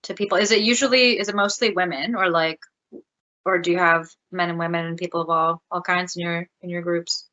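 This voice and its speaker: A woman's voice: on the low side, fairly even intonation, brisk, sharp tone, poor audio. Rambling, giggly woman podcast host. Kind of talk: casual interview chat.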